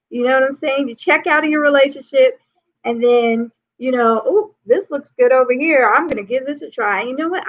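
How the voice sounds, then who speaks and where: A woman life coach talks through relationship advice, fairly high in pitch with a gravelly edge of vocal fry. Her delivery is loose and chatty, full of "you know". The sound is tinny and narrow, as if heard over a phone line. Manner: conversational, peppered with "you know".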